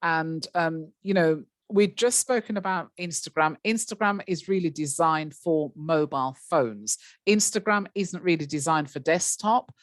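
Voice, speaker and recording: A woman's voice: low voice, unhurried, no room sound, studio quality. A woman leading a live webinar on a video call, explaining in a chatty way with lots of fillers and speaking to attendees by name. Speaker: webinar trainer.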